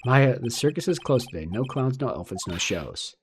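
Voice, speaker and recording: A man reading game dialogue aloud as a dry, weary young defense lawyer, in a flat, deadpan manner. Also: medium pitch, a little fast, a little hiss or hum.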